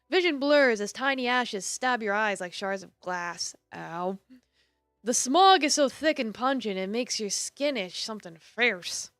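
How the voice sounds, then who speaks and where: A woman streamer reading a visual novel aloud with expressive narration, broken up by casual asides and laughter. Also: a little high, dry recording, studio quality.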